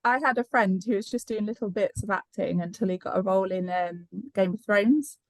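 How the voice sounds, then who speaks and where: A woman's voice: medium pitch, a little fast, no room sound, low-quality recording. A woman co-hosting a casual podcast. She is eager and teasing, and she giggles often. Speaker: podcast co-host.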